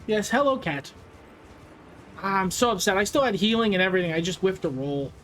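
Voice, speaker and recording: A man's voice: sits high, expressive, brisk, a bit bright. A man playing a video game and chatting casually, blunt and swearing often. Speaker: player at the controls. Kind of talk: casual gameplay chat. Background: game music.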